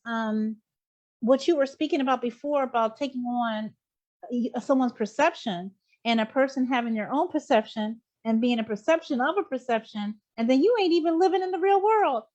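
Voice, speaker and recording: A woman's voice: high-pitched, moderate pace, darkish tone, muffled recording. A woman co-hosting a casual spiritual chat, affirming and emphatic as she responds to a guest. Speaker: podcast co-host.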